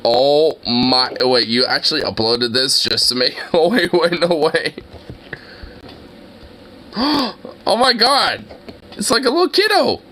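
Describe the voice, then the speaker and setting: A young man reacting to videos, excitable and exclamatory, laughing and swearing often. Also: fairly high pitch, slow pace, pauses often.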